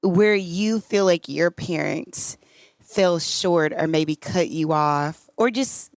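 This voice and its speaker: A woman's voice: lowish voice, slow pace, dry recording. A woman hosting a casual interview, affirming her guest and often calling things beautiful. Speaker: podcast host and coach.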